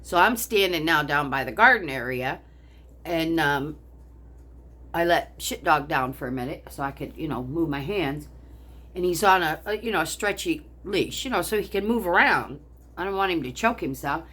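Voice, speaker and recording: A woman's voice: deep voice, lively intonation, moderate pace, bright, forceful tone, slightly rough. An older woman vlogger telling a story angrily, in a heated, profane rant. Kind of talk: angry personal storytelling.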